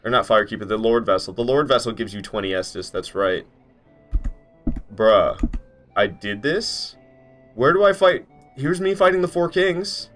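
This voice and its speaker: A man's voice: mid-range voice, expressive, moderate pace, long pauses, fairly bright tone, soft background music. Incredulous, cursing male game streamer. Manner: incredulous, swears freely, talks to chat. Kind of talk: casual live-stream commentary.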